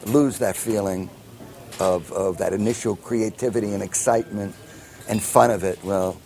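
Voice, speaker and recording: Older guy spinning a yarn, acts out the voices, lots of uhs, lowish voice. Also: normal speed, a little hiss or hum. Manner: animated storyteller acting out quoted dialogue, many fillers and restarts. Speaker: film composer. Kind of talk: anecdotal storytelling in an interview.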